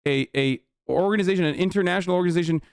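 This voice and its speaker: A man's voice: sits high, rapid-fire, clean tone, no echo, studio quality. A man hosting a livestream and giving heated political commentary in a combative, profane rant. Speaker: livestream host.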